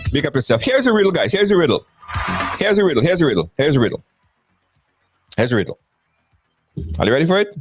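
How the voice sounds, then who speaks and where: A live-stream host who chats casually and playfully, greets viewers by name and repeats phrases over and over. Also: medium pitch.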